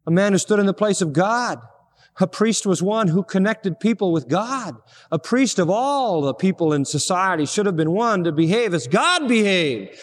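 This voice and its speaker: High-voiced preacher in a reverberant hall. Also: male voice. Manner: emphatic preaching, rising to stress key words. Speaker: pastor. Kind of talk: expository sermon.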